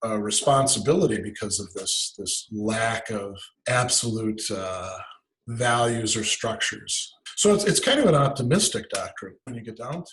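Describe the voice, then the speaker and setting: A man's voice: fairly low pitch, animated, normal speed, a bit bright, low-quality recording. A man, a guest philosopher in casual conversation, explaining ideas as he thinks aloud and often restarting his sentences.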